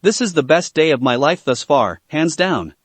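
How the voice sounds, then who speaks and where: A man's voice: a little high, very animated, normal speed, no room sound. A man doing a smug amused teen boy. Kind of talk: fan fiction reading.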